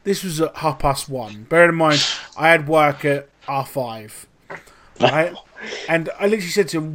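A young man spins a rambling story on a podcast, jumping into different voices for the people in it. His voice sits a little high, and he talks with loose, swearing energy. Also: moderate pace. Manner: animated, swearing, acts out quotes. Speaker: podcast host. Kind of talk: casual storytelling chat.

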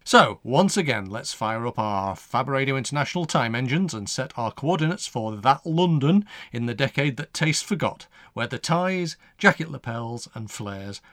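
A man's voice: medium pitch, animated, moderate pace, hardly any pauses, fairly bright tone, dry recording. Male radio presenter, self-deprecating and rambling, dry studio sound. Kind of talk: casual radio chat.

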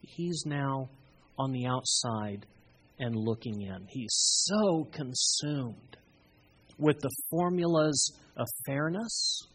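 A preacher giving a sermon, retelling a parable with emphatic, expressive storytelling and dramatic pauses. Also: mid-range voice, breathy edge.

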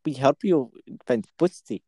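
A man voicing a sleazy male tech support scam caller in a put-on foreign accent, talking in quick patter. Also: mid-range voice, dark tone, breathy edge, dry recording.

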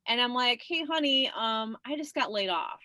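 Bright-voiced woman telling her story. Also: a little high, animated, normal speed, no room sound. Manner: chatty, laughs often, many fillers. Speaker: guest. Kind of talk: conversational storytelling.

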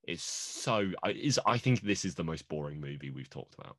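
A man's voice: low-pitched, animated, moderate pace, fairly bright tone, no room sound, studio quality. A man co-hosting a casual movie podcast, joking and playful, often laughing. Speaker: podcast co-host.

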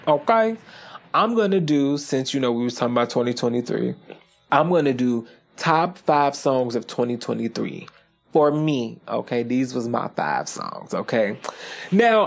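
Animated, profane solo podcast host. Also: medium pitch, moderate pace, creaky. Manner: animated and profane, often asking "okay?". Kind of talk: casual solo podcast monologue.

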